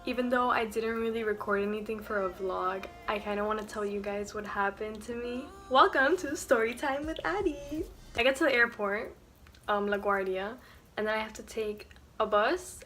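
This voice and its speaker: The clip features a young adult woman with a medium-pitched voice, speaking fairly quickly as she vlogs from her dorm room at night. It's a casual story time, told in an animated, chatty way with plenty of fillers such as "like."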